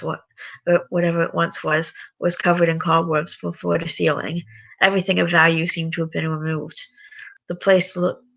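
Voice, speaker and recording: A tired reader casually reading a story aloud, halting now and then with sighs and restarts. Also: medium pitch, vocal fry, a bit bright, highs cut off.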